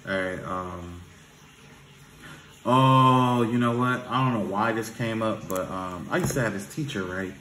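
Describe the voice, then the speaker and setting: Loose, profane man, bright voice, roomy echo. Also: lowish voice, a little slow, a little hiss or hum. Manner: loose and profane, keeps saying "you know what I'm saying". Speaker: spiritual reader. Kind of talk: casual spiritual vlog talk.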